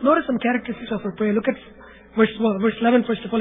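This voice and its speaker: A pastor preaching a sermon, repeating key phrases and dropping to a hush for emphasis. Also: male voice, very high voice, steady tone, racing, husky. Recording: tinny phone-like sound with faint hum.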